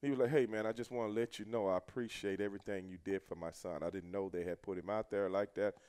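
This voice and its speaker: A middle-aged American man telling a road story casually, cursing a lot and shouting out the lines he quotes. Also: lowish voice, fast, smooth. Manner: profane, animated, shouts when quoting himself.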